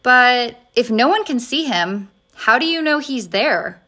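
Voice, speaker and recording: A woman's voice: on the high side, lively intonation, measured pace, sharp tone. A woman voicing a curious, eager little girl who asks a lot of questions in a storybook reading.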